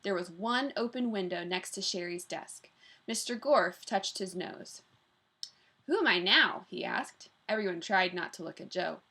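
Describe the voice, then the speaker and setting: A woman reading a children's book aloud to her students, telling it in an expressive way. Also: lowish voice, moderate pace. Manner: expressive, warm storytelling.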